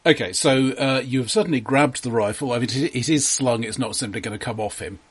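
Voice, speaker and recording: A man's voice: mid-range voice, a little fast, husky, dry recording. A man running a tabletop role-playing game as game master, amused and explaining rules with stammered restarts.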